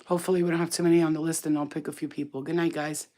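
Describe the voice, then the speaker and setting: Chatty woman with a low voice. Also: little pitch movement, rapid-fire, mellow. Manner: chatty, affectionate, coos at her pet in a high baby voice. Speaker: spiritual reader, channel host. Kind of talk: casual live-stream chat.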